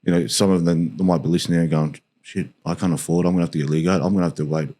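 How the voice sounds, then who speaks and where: Australian man, podcast host, very deep voice, rapid rambling chat. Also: steady tone, warm tone. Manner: rambling, lots of "you know" fillers. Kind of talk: casual interview chat.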